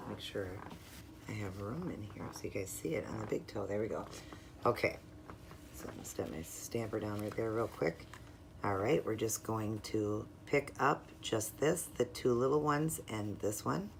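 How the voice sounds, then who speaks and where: A woman's voice: very deep voice, vocal fry, background noise. A woman hosting her own nail art video, walking through her supplies step by step in a chatty, upbeat way. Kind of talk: casual tutorial narration.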